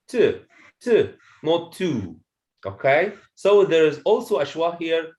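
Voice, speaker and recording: A man's voice: a little high, sing-song, slow pace, a little mellow. A man teaching a pronunciation lesson to a classroom of students, repeating phrases and checking understanding with "okay?". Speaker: English teacher.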